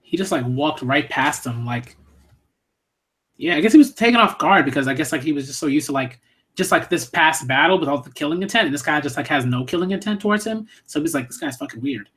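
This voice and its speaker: A man's voice: a little high, lively intonation, brisk, fairly bright tone. Rambling laid-back manga streamer guy. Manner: rambling, full of "like" and swearing. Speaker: manga reviewer streaming a read-through. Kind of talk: casual live-stream commentary.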